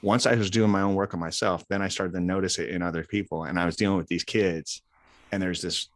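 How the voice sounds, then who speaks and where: A man's voice: sits low, quick pace, dry recording. A man, a life coach telling stories in a casual interview and acting out the dialogue. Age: 40s. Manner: animated storyteller acting out quoted dialogue. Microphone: close podcast mic.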